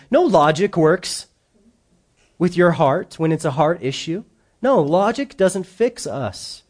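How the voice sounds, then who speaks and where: A male pastor preaching a sermon in an animated way, acting out the quoted voices. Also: fairly high pitch, takes it slowly.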